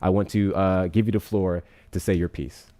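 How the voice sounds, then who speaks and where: A man's voice: deep voice, fairly even intonation, normal speed, no echo. A man hosting a live-stream debate show, talking loosely with lots of swearing and laughing. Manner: loud, swearing, laughs a lot. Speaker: livestream debate host. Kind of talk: casual live-stream talk.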